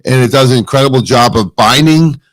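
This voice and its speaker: A man co-hosting a live promotional show at a wellness store event, pitching products in an upbeat, salesy way. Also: a little fast, no room sound, rough recording. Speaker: co-host.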